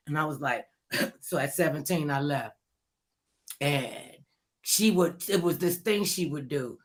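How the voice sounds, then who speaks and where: A woman hosting a casual talk show tells a lively story and acts out the voices of the people in it. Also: low-pitched, unhurried, long pauses. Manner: animated, acts out quoted voices loudly.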